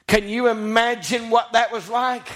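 A man's voice: very high voice, fairly even intonation, unhurried, a bit bright. A man preaching a sermon, telling scripture stories in a folksy, dramatic way. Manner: folksy, dramatic storytelling with acted quotes.

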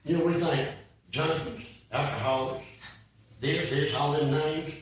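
A man's voice: fairly even intonation, a little slow, slight background noise. Older man preaching with fiery swings. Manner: swings between shouted peaks and low, quiet asides; folksy plain-spoken preaching. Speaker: preacher giving his testimony. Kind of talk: fiery sermon. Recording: echoey room, voice from a distance.

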